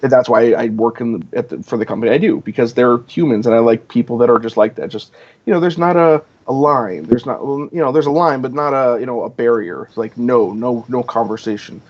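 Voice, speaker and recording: A man's voice: medium pitch, fairly quick. A man chatting as a podcast guest, rambling and filling his talk with "you know", acting out quoted dialogue. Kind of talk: casual podcast chat. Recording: dull lo-fi audio.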